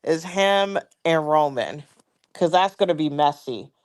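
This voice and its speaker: A co-host in a casual wrestling chat, relaxed, laughing and trailing off. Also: mid-range voice, unhurried, very noisy.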